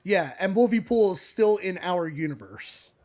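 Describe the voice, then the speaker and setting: High-voiced giggly podcast guy. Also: expressive, normal speed, a little mellow. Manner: rambling, giggly, laughs often mid-sentence. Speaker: podcast co-host. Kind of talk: casual comic-book recap chat.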